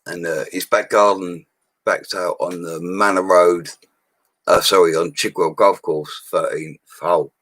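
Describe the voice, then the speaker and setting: A man's voice: low-pitched, steady tone, a little slow, fairly bright tone, no echo, poor audio. A man of forty with a London accent, telling stories about his bricklaying work in a casual, blunt way. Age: 40s. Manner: chatty and blunt, with slang and mild swearing. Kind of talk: casual storytelling livestream.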